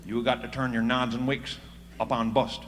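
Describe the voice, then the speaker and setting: A man's voice: medium pitch, little pitch movement, normal speed. A middle-aged man with a Newfoundland accent telling comic stories on stage in a chatty, folksy way and laughing at his own jokes. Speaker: comedian. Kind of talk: live stand-up storytelling. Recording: live stage recording in an echoey hall. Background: audience laughter and crowd noise.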